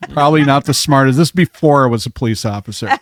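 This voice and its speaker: Guy telling a wild story at a bar, acts out the voices, dry close mic, middle pitch. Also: quick pace, no room sound. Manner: animated storyteller acting out quotes. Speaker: podcast guest. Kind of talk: casual storytelling.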